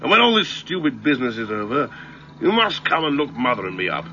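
In a 1970s radio drama captured on a dull, lo-fi recording with slight background noise, an actor plays a hearty, pushy, suggestive middle-aged man. His mid-range voice is very animated, a little fast and sharp, coaxing and jovial as he keeps tacking "eh?" onto his lines.

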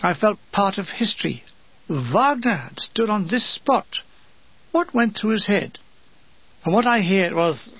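Memoir narrator: a fairly high, husky male voice with dry, comic asides. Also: animated, measured pace, dry recording, muffled recording. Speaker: narrator of his own war memoir.

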